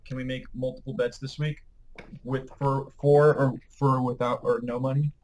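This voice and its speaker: A man's voice: mid-range voice, little pitch movement, moderate pace, a little mellow, rough recording. Brash, cursing man trash-talking. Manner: brash, profane trash talk; stumbles over words. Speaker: podcast co-host. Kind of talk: casual sports banter.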